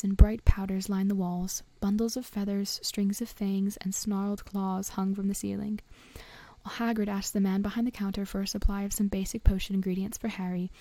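A woman reading a storybook aloud in a soft, often whispered voice. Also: mid-range voice, vocal fry, dry recording. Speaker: reader.

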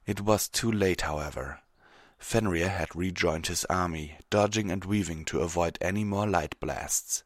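A man with a very deep voice reads a fantasy story aloud. His delivery is steady and measured, and the recording is dry and close. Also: dry recording. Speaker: narrator. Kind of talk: audiobook reading of fiction.

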